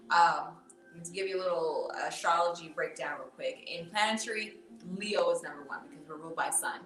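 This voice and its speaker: A woman's voice: lowish voice, pushed and bright. Distant-sounding woman explaining tarot. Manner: earnest, explains spiritual ideas with fillers. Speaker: tarot reader guest. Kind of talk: casual podcast chat. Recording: roomy, distant from the mic.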